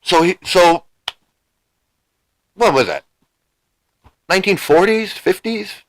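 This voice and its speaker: A man's voice: high-pitched, expressive, slow pace, poor audio. Rambling older man telling a story. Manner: rambling, many restarts and repeats, casual swearing. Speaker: vlogger recounting his past. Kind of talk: casual storytelling commentary.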